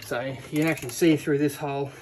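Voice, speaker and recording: A man's voice: fairly high pitch, fairly even intonation, fast talker, noisy background. A man giving casual commentary while working on a car part in his workshop, chatting as he goes. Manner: talks while working, chatty, self-deprecating. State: out of breath. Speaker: home mechanic.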